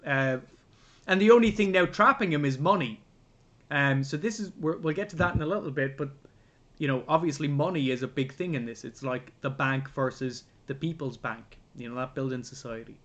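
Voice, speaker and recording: Animated male podcast host, slightly high voice, casual film talk. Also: a little fast, lo-fi sound. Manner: animated, swearing, acts out scenes. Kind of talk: casual film review chat.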